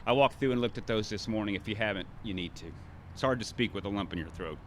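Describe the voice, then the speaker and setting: A man's voice: fairly low pitch, fast, slight background noise. A man in his fifties from Arkansas giving a speech at an outdoor ceremony, sometimes calling out drill commands. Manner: commanding drill calls at moments. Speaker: ceremony speaker.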